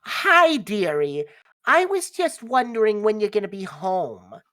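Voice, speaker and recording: A woman's voice: mid-range voice, very animated, measured pace, a bit bright, pitched above the performer's own voice. Fussy doting mom, as a woman puts her on. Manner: sweet, fretting, calls him dearie. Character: doting, fussy mother of a teenage boy.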